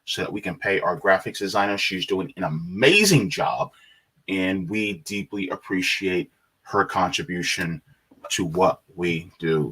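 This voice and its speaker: A man's voice: sits low, fairly bright tone. Laid-back man reading out chat. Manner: reads chat messages aloud, laughs often. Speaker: co-host of a live stream. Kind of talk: casual live-stream chat.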